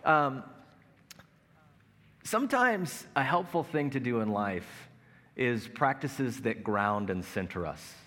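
A male pastor in his thirties preaches in a large church space, his voice trailing into a long hall reverb. He talks in a conversational, self-mocking way, mixing personal stories into the sermon at a middle pitch. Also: very animated, takes it slowly, long pauses, a bit bright. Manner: conversational, self-mocking humor with acted-out anecdotes.

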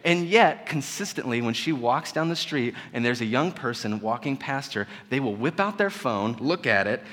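A man in his thirties preaching in a church, his voice at an ordinary middle pitch. He talks in an easy, joking way and breaks into sudden loud bursts for emphasis. A long reverb from the large room trails every phrase. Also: animated, moderate pace. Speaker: pastor. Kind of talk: sermon. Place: church sanctuary.

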